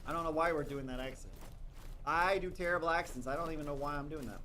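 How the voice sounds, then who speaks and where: A man's voice: on the high side, fast talker, sharp tone. Wry male game streamer. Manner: wry, talks to himself and chat, teasing. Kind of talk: live gameplay commentary. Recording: noisy with game sound.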